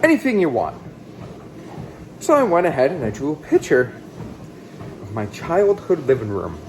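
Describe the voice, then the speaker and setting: A man in his thirties telling his own life story in a blunt, casual way. He swings between excited outbursts and quiet, low asides. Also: normal speed, noisy background. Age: 30s. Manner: blunt and casual, with some swearing. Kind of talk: candid personal storytelling.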